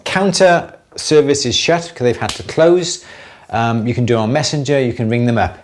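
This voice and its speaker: A man's voice: mid-range voice, moderate pace, a little hiss or hum. Chatty man, live jewellery Q&A. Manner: chatty, recommending suppliers, friendly asides. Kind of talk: casual live-stream chat.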